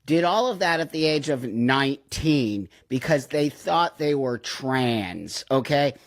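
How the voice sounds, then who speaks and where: A man's voice: mid-range voice, expressive, takes it slowly. A man hosting his own channel, giving emphatic, emotional commentary straight to his viewers. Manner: emphatic, repeats "okay?", emotional. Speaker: channel host. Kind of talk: impassioned commentary to camera.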